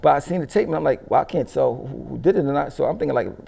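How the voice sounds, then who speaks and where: A middle-aged man rattles through his stories at a rapid clip, his voice dark and gravelly. He curses freely, laughs often and acts out the people in his stories. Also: mid-range voice. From Philadelphia. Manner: profane, animated storyteller who laughs often. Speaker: interview guest. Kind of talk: casual storytelling interview.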